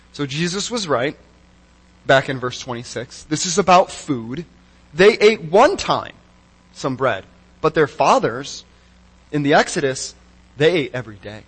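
A man preaching a sermon, telling a personal story in an animated, wry and self-mocking way. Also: fairly high pitch, unhurried, long pauses, slightly rough, poor audio. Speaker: pastor.

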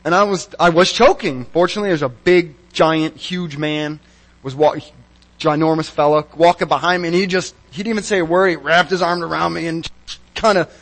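Animated storytelling man preaching. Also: on the high side, brisk, poor audio. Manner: animated storyteller, wry and self-mocking. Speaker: pastor. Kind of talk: sermon with personal story.

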